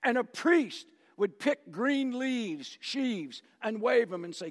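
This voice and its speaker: High-voiced older male pastor, slow. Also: lively intonation. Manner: emotive storytelling with jokes, chuckles often. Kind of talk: sermon. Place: church sanctuary. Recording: long church reverb.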